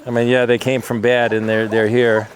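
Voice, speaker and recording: A man talks to rescue dogs in a coaxing, affectionate way and now and then explains things to the camera. He is recorded outdoors at a sanctuary. Steady background noise and barking come through. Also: medium pitch, moderate pace. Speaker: animal rescuer. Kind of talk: casual talk to dogs and camera.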